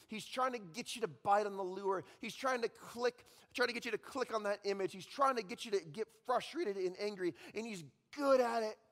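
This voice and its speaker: A man's voice: high-pitched, in a large hall. A man in his thirties preaching a sermon, telling a story and checking in with the crowd, with okay and all right. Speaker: pastor.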